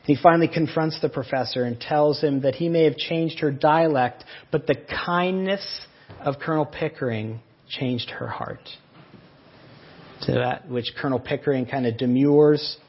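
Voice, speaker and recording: A man's voice: a little high, moderate pace, husky, highs cut off. A man preaching a sermon, earnestly explaining and retelling a story. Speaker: pastor.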